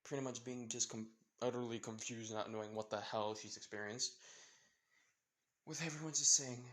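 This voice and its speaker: A young man improvising a fan fiction story out loud, rambling with many fillers and self-corrections. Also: medium pitch.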